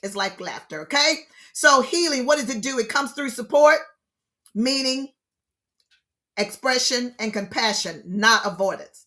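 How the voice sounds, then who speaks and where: Middle-aged woman, grief counselor, online class; bright, higher voice, sermon-like repetition. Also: unhurried, pauses often. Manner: expressive, preacher-like, exclaims and repeats key phrases. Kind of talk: lively teaching talk to an online group.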